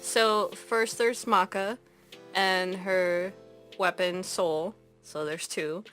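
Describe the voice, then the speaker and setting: Young woman podcast co-host, bright tone, animated casual chat, faint music under her. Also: fairly low pitch, very slow. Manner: animated, laughs often, acts out characters in loud mocking voices. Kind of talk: casual chat recapping anime.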